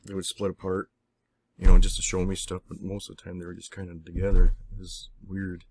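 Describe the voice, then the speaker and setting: A man being interviewed, telling a personal story in a halting, rambling way with many restarts and some swearing. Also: low voice, completely flat delivery, a little mellow, breathy edge. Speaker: interviewee recounting personal experiences. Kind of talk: casual spoken storytelling.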